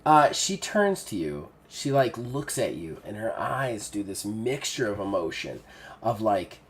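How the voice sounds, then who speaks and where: A man running a tabletop game as game master, narrating in an animated way with casual swearing. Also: fairly low pitch, measured pace, a little hiss or hum.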